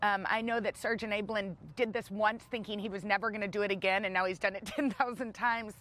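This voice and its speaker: A woman's voice: mid-range voice, a little fast. A woman in her thirties co-hosting a talk show, chatting eagerly and often restarting her sentences. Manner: excited and chatty, with frequent restarts and laughter. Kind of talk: casual chat.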